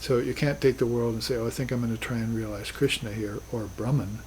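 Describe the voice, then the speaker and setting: A man's voice: medium pitch, steady tone, fast, darkish tone, slight background noise, rough recording. A man teaching a class on spiritual philosophy, talking in an earnest, reflective way with emphatic bursts. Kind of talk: recorded class lecture.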